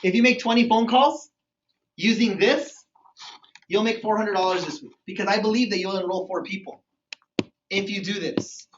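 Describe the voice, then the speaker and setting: A man leads a motivational sales training, lively and acting out little phone dialogues. His voice sits high, and it comes from across a reverberant meeting room on a dull, muffled recording. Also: normal speed, pauses often, a little hiss or hum. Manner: energetic, acts out phone calls and dialogues. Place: meeting room with a live group. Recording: echoey room, far from mic, dull sound.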